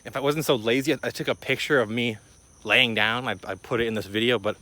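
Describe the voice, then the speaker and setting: A man's voice: fairly even intonation, fast talker, bright, forceful tone. Rambling young man telling a story. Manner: rambling, slangy, filler-heavy; rises in pitch when retelling panic. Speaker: vlogger. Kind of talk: casual storytelling.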